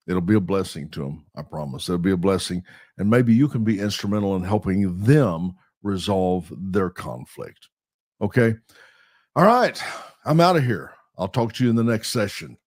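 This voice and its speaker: A man's voice: deep voice, lively intonation, a little fast, darkish tone, dry recording, studio quality. A middle-aged man and pastor hosting a podcast, talking emphatically in a sermon-like way and laughing at himself now and then.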